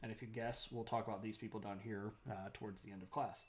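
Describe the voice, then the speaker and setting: A man's voice: on the low side, little pitch movement, fast talker. A man streaming a casual history lecture, chatty, greeting viewers and laughing often.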